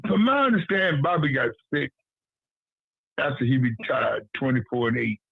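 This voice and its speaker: A man's voice: medium pitch, very animated, moderate pace, gravelly, breathy edge, no room sound. A man talking boxing on a call, blunt and repetitive, with street slang. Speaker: guest on a boxing talk show. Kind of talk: casual phone-in chat. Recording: tinny phone line, dry.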